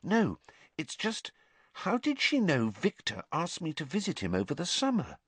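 A man voicing a clever, bossy teenage schoolgirl witch, talking quickly and emphatically. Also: on the high side, huge pitch swings, a bit bright, slightly rough, no room sound, voice pushed up, full character voice. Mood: puzzled.

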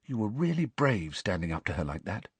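A man's voice: on the low side, sing-song, a little fast, slightly rough, no room sound, full character voice. A man voicing an earnest teenage schoolgirl. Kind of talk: audiobook character voice.

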